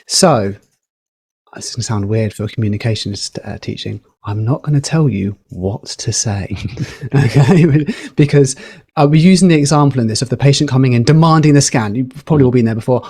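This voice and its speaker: A man on a podcast, explaining communication skills in a lively, teacherly way with a few fillers. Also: medium pitch, a little fast, slightly rough. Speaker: podcast guest, communication educator. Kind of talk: explaining, casual podcast chat.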